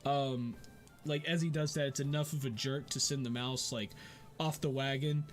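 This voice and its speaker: A man's voice: mid-range voice, steady tone, moderate pace, faint music behind. A man narrating as game master, rambling and restarting his sentences. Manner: rambling, many fillers and restarts.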